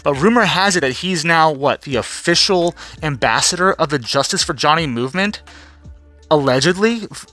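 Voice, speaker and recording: A man's voice: fairly high pitch, lively intonation, normal speed, bright, forceful tone, faint music behind. A man recapping events in a casual, profane, rambling vlog rant, laughing often and mimicking people. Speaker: vlogger.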